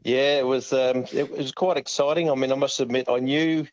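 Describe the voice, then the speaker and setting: A man's voice: medium pitch, fairly even intonation, normal speed. Modest middle-aged man on a dull line. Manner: modest, hesitant, many fillers. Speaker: guest. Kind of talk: casual interview.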